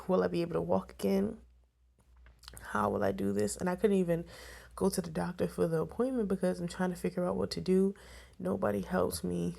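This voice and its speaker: Gravelly-voiced young woman telling her story. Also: fairly low pitch, mellow. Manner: emotional, tearful at times, many fillers. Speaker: vlogger. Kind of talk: personal storytelling to camera.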